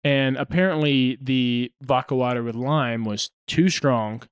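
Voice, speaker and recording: A man's voice: mid-range voice, unhurried, smooth. A young man casually telling a funny story as a podcast co-host, laughing often and acting out what people said. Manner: animated, laughing, acts out quotes.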